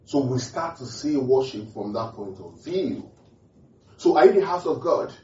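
A man's voice: medium pitch, expressive, unhurried, warm tone. A man preaching a sermon, often asking the congregation questions and repeating key phrases for emphasis. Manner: call-and-response questions to the congregation. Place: church hall. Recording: distant, echoey, muffled hall recording.

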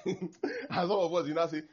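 A man, a pastor preaching a sermon in an animated way, acting out prayers and laughing often. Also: on the high side, measured pace, husky. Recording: dull lo-fi recording.

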